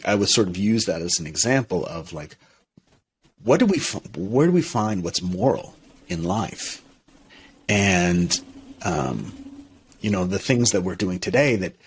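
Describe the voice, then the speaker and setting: A minister speaks in a reflective interview with a low, husky voice. He sounds hesitant and thoughtful, often restarting sentences and using fillers.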